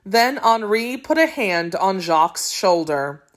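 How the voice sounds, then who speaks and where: A woman narrating a children's story aloud in a clear, expressive way for a school lesson. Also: medium pitch, slow pace, hardly any pauses.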